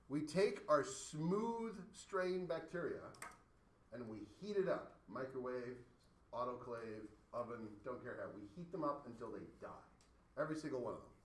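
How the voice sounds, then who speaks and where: A man from Canada teaching a high school science class, explaining with playful, joking analogies. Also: fairly bright tone. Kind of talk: classroom lecture. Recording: echoey classroom from far off.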